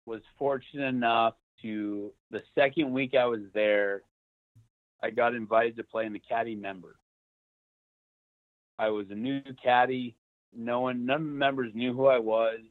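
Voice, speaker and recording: Over a dry, tinny phone-like connection, a man in his thirties shares a golf story on someone's podcast. His fairly low voice, dryly recorded, stays loose and chatty, peppered with "like" and the odd curse word.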